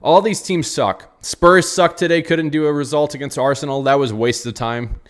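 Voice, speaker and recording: A man's voice: mid-range voice, fairly quick. A young man hosting a live post-match football reaction, frustrated and rambling, repeating himself as he answers chat comments. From United States. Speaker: football channel host.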